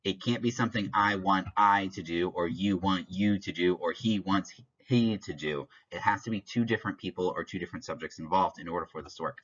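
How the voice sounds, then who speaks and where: A man's voice: low voice, a little fast, hardly any pauses, fairly bright tone. A man teaching a recorded lesson, explaining step by step and adding offhand jokes. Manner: explains step by step, switching between French examples and English glosses; offhand asides and small jokes. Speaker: French teacher. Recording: dull lo-fi recording.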